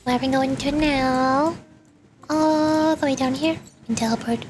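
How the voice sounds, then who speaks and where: A woman's voice: sits high, steady tone, measured pace, slight background noise. A young woman vtuber reading game dialogue aloud as she plays, with casual asides. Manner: reads all characters' lines with casual asides. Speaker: vtuber streamer. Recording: game music behind the voice.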